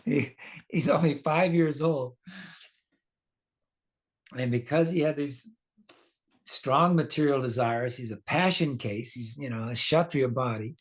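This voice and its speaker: A man's voice: mid-range voice, measured pace, pauses often. A man teaching a scripture class, telling the story casually, laughing now and then and quizzing his listeners.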